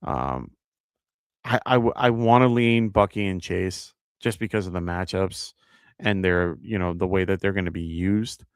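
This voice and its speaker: Man, New York accent, low gravelly voice, dry close mic, casual live-stream chat with fillers. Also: moderate pace, dry recording. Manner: casual, thinks aloud with fillers, reads viewer questions. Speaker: fantasy football host.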